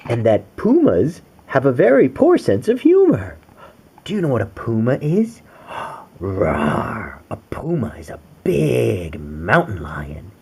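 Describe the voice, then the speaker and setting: A man's voice: medium pitch, wildly swooping pitch, unhurried, vocal fry, dark tone, breathy edge. A man reading a picture book aloud to his young daughter, playful and sing-song, asking her questions as he goes. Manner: playful, sing-song, sprinkles in animal noises and questions to the child.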